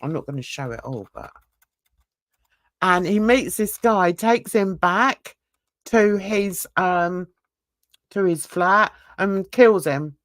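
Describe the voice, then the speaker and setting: A woman hosting, telling a story in a rambling, animated way with restarts and laughter. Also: on the low side, slow, long pauses, dry recording. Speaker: host.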